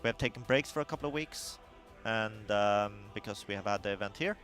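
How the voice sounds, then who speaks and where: A man's voice: on the low side, a little fast, a bit bright, soft background music. Rambling man chatting on a stream. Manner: rambling, filler-heavy storytelling. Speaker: raider on a livestream. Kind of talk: casual chat.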